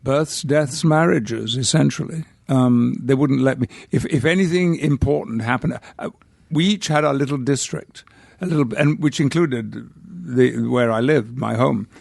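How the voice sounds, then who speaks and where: Older guy from northern england, gravelly voice, rambling through old stories on a podcast, dry close mic. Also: medium pitch, a little slow, darkish tone, no echo. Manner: rambling anecdotes with hesitations. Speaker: podcast guest. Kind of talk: casual interview storytelling.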